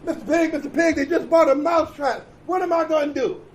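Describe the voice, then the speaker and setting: A man doing a frantic, high squeaky mouse. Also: fairly quick, a little hiss or hum. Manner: frantic, pleading, repeats himself. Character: panicked little male mouse.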